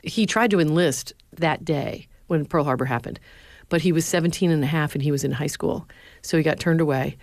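A low-pitched middle-aged woman tells stories earnestly in an interview. She recorded in a dry, close setting. Her voice lifts when she quotes other people. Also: fairly even intonation, normal speed, a little mellow, no room sound. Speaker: former speechwriter, university lecturer. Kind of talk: interview answers, storytelling.

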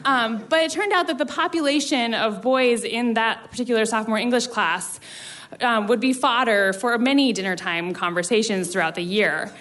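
Animated young woman telling a story on stage. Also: fairly high pitch, moderate pace. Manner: animated, self-mocking, acts out quotes. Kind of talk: live storytelling at a slam.

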